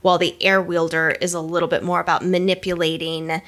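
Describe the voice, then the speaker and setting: A woman's voice: lowish voice, flat delivery, fairly quick, fairly bright tone. A woman co-hosting a podcast, talking through a book in a casual, thoughtful and analytical way. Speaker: podcast co-host.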